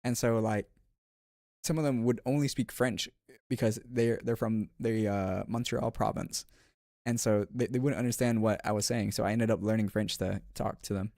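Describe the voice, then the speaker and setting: A man's voice: lowish voice, fairly even intonation, normal speed, vocal fry, a little mellow, no echo, studio quality. A man streaming and chatting casually with viewers, rambling with frequent restarts and filler words. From United States.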